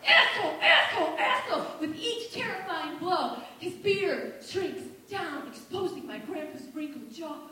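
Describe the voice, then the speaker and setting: A woman telling a family story as stand-up comedy, acting out her relatives in quick changing voices. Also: very high-pitched, expressive, far from the mic. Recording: echoey room, voice from off-mic.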